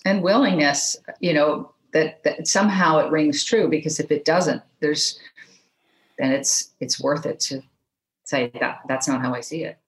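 A woman podcast guest speaking in a thoughtful, halting way, often restarting her phrases. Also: sits low. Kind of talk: conversational podcast chat. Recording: roomy echo.

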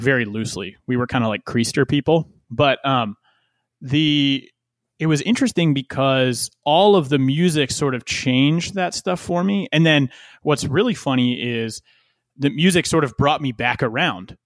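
A man's voice: medium pitch, normal speed, no echo, studio quality. A man in casual conversation, talking in a loose, rambling way with many fillers and restarts.

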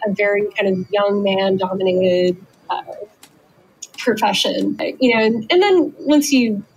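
A woman's voice: medium pitch, unhurried, husky, rough recording. A woman explaining tall ships as an interviewed expert, conversational with many fillers.

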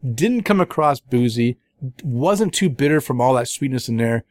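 A medium-pitched, expressive middle-aged man, speaking at a moderate pace, hosts a beer podcast and chats eagerly about beers he has tried. He rambles, with fillers and restarts. The audio is studio quality, without echo.

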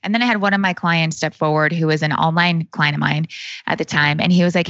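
Woman, 30s, podcast guest, chatty storytelling, fast, dull dry audio. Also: low-pitched, fairly bright tone, dry recording. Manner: chatty, heavy use of "like", acts out quoted speech. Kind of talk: casual storytelling conversation.

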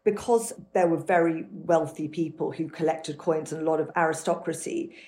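A woman's voice: low-pitched, normal speed, dark tone. A woman author, a guest on an interview podcast, telling history in fluent, detailed answers.

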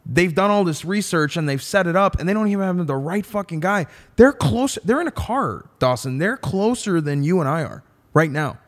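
A man who works as a defense attorney tells a story on a podcast. His fairly high voice swings widely in pitch, and he swears often for emphasis. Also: normal speed, hardly any pauses. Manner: animated, profane, emphatic.

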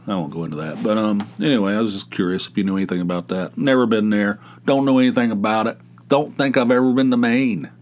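A man hosting a solo podcast, talking in a rambling, wry and exasperated casual way. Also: mid-range voice. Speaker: podcast host.

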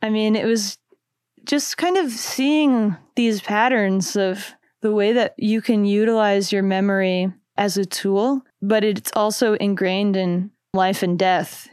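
A woman's voice: mid-range voice, fairly even intonation, slow, clean tone, no echo, studio quality. A young adult woman, a musician guest, talking reflectively in a casual interview, rambling and correcting herself. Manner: reflective, rambling, self-interrupting with soft laughs.

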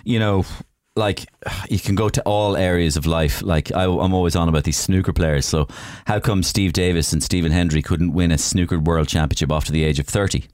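A man chatting as a guest, an animated storyteller who acts out scenes with sound effects. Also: low voice, fairly quick, few pauses, dry recording, studio quality. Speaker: guest, comedian and impressionist. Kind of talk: casual chat.

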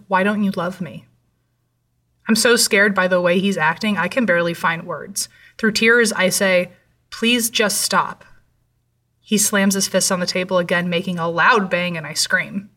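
A woman narrating a true horror story in a measured, somber way. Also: medium pitch, a bit bright, far from the mic.

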